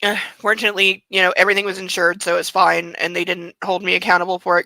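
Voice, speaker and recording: A woman's voice: fairly low pitch, steady tone, fast talker, bright, forceful tone, no room sound, rough recording. A woman reading a novel aloud for a comic book club, breaking off into sarcastic, profane commentary.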